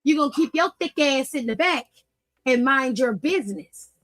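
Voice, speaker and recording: A cold, threatening male wrestler enforcer, profane and blunt as a woman puts him on. He issues warnings flatly. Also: high-pitched, moderate pace, no room sound.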